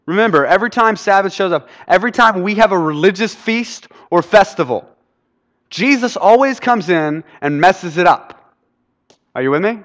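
A man preaching a sermon in an animated way, often quizzing his audience with quick questions. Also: high-pitched. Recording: reverberant hall.

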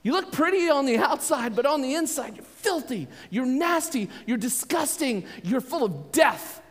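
A man preacher voicing an indignant adult man who loudly scolds religious leaders. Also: high-pitched, lively intonation, unhurried. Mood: scolding rebuke. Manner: loud, scolding, emphatic. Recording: long hall reverb.

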